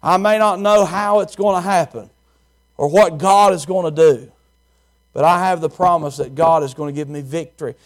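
Preacher, male, somewhat high voice; emphatic sermon delivery, repeats key words. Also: moderate pace.

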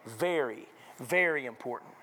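A man preaching a revival sermon as a visiting preacher in a church, dramatic, acting out the voices he quotes, swinging from low murmurs to shouted peaks. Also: lively intonation, unhurried, poor audio. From North Carolina. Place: church sanctuary.

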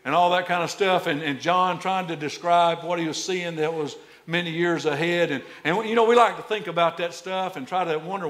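A man preaching a sermon as a pastor, animated, repeating words as he builds and then dropping to a hush for emphasis. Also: sits high, moderate pace, few pauses. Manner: animated, repeats words when excited, drops to hushed tones for emphasis.

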